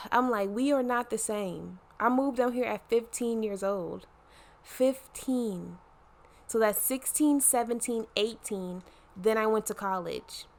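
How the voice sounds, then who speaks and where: A woman's voice: medium pitch, gravelly. A woman in her twenties from Baltimore, with a Baltimore accent and a slight Southern twang, talking to camera in a chatty, slangy, playful way. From Baltimore, Maryland. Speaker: vlogger. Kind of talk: casual chat to camera.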